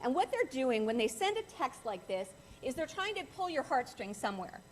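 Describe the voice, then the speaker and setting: A woman's voice: high voice, sing-song, moderate pace. A middle-aged woman giving an earnest, emphatic talk to a club as a guest speaker on cybercrime, often repeating phrases for stress.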